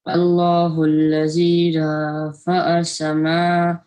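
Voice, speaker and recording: A man taking part in an online class, asking short questions and then reciting slowly, correcting himself as he goes. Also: fairly high pitch. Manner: steady, halting recitation with self-corrections. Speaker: student reciting. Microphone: video call.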